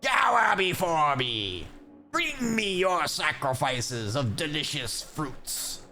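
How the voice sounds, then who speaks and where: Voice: mid-range voice, big pitch swings, slow, faint music behind, full character voice. A streamer voicing a fearsome dinosaur that roars and demands offerings of fruit. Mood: boastful. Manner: roaring, shouted boasts.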